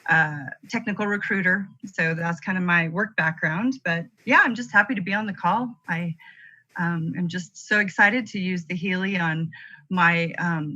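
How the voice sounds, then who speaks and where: A woman introducing herself on a group call, friendly and halting with lots of fillers. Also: fairly low pitch, pushed and bright, muffled recording. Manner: friendly, hesitant with many fillers. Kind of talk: casual self-introduction.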